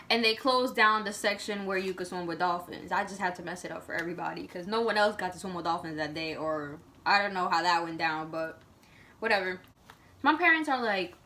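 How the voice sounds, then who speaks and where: A young woman tells a story to her vlog audience in a loose, rambling way, padding her sentences with fillers. Her voice sits a little high and sounds bright and sharp. She gets animated as the story builds. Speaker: vlogger. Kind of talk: casual storytime.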